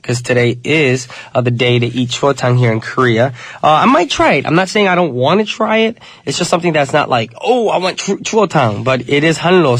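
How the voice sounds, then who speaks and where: A man's voice: mid-range voice, dry recording. A man hosting a radio show in a chatty, upbeat style, his voice nasal from a cold. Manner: upbeat, chatty, addresses listeners as you guys. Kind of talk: casual radio DJ patter. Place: radio studio.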